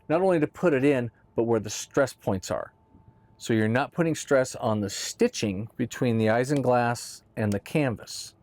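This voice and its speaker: A man's voice: mid-range voice, a little mellow, dry recording. A man casually explaining boat gear in a conversational how-to talk, often checking in with "right?". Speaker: boat owner explaining boat tops.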